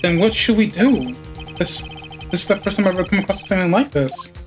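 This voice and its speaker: A man's voice: sits high, lively intonation, fairly quick, soft background music. A man voicing an anxious young defense attorney who sounds flustered and unsure. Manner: flustered, questioning. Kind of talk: game dialogue read aloud.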